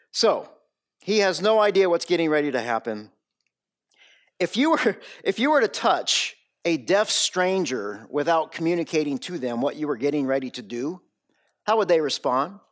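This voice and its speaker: An emphatic male preacher walks his listeners through a sermon. His voice sits a little higher than most men's, and he stacks repeated phrases and rhetorical questions to drive each point home. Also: very animated, measured pace. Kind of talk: expository sermon.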